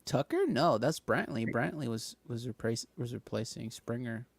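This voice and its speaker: A man co-hosting a casual podcast chat, joking and laughing often in quick bursts. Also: medium pitch, lively intonation, creaky, slightly rough, no echo. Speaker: podcast co-host.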